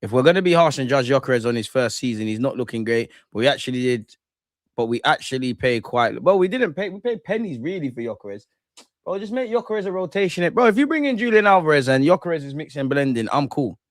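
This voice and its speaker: A brisk, very animated young man with a mid-range voice, recorded dry, hosts a football watch-along. His live commentary is slangy and ranting, and he keeps answering his chat.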